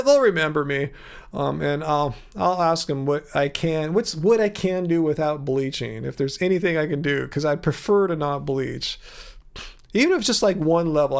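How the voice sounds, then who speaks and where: A man's voice: on the high side, gravelly. A man hosting a casual livestream, reading out viewer comments and musing aloud about them. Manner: chatty, musing aloud, trails off and restarts. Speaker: livestream host. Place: studio with colored lights.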